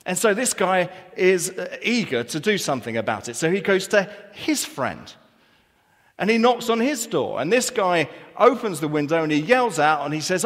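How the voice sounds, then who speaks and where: A man's voice: high voice, very animated, moderate pace, fairly bright tone. Earnest male pastor in a reverberant hall. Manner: earnest, rhetorical questions and repetition. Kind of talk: sermon. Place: church hall. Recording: long church reverb.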